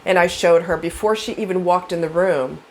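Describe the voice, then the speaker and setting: Woman vlogger rambling through stories, lowish voice, faint hiss behind her. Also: moderate pace, poor audio. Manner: chatty, rambling, with fillers and animated quoted voices. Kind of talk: casual storytelling.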